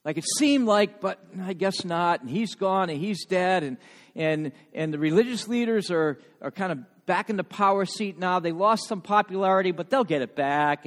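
A middle-aged pastor delivers a sermon in a fairly high voice. He swings between emphatic, raised passages and quiet, hushed ones, often repeating words. The sound carries a long reverb of a large hall. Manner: repeats words when emotional. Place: church sanctuary.

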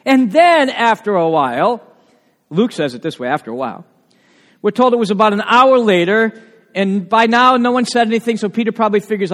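Animated high-voiced preacher in a reverberant church. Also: male voice, a little fast. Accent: New England. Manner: animated and conversational, with rhetorical questions. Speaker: pastor. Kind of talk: sermon. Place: church sanctuary.

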